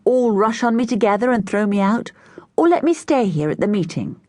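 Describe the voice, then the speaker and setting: A woman's voice: medium pitch, big pitch swings, fairly quick, dark tone, dry recording, clean studio sound, pitched above the performer's own voice, lightly acted. A woman voicing a bold, stubborn schoolgirl who talks back fiercely. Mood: defiant. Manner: fierce, defiant.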